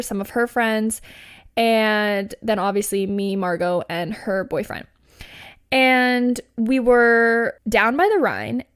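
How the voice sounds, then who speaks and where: Chatty young woman telling a story. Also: on the high side. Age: 20s. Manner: chatty, animated, lots of "like" and "you know". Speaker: podcast host. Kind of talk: casual storytime.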